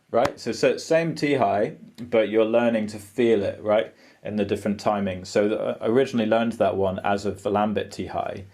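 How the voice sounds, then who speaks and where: A man's voice: fairly low pitch, fairly even intonation, moderate pace, noisy background. A man guitarist explaining rhythms, singing the syllables aloud with many ums and restarts. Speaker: guitarist and music teacher.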